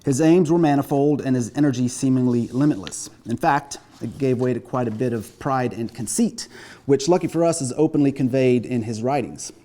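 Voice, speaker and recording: A man giving an academic lecture as a pathologist. He speaks in a measured, self-deprecating way, with frequent hesitations. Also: medium pitch, mellow.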